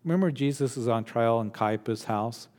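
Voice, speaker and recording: A man preaching a sermon with an animated, emphatic conversational manner. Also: medium pitch, normal speed. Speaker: pastor. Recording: long hall reverb.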